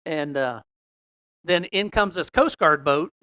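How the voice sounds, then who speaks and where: A man telling a long fishing story in a casual, folksy way, rambling with many "and, uh" pauses. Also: a little high, sharp tone, dry recording. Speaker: podcast guest telling a story.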